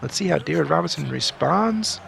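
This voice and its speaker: A man doing play-by-play for a basketball video game simulation, swinging from calm asides to excited outbursts, a bit sick. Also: fairly high pitch, moderate pace, creaky, a little hiss or hum. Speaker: video game sim commentator. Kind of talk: play-by-play commentary.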